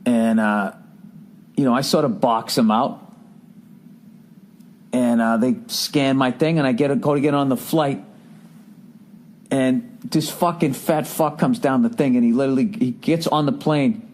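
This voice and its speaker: A man's voice: medium pitch, steady tone, unhurried, long pauses, darkish tone. A middle-aged man hosting a podcast, telling stories in a profane, exasperated comedic rant. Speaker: podcast host.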